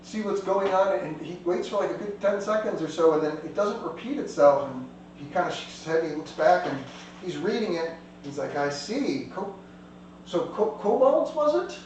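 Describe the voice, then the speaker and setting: A man running a tabletop game with a fairly high voice, rambling and circling back mid-sentence. The mic is far away in a very echoey room, and a faint hum runs underneath. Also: fairly quick, a little mellow, muffled recording. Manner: rambling, loose, many restarts. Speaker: game master.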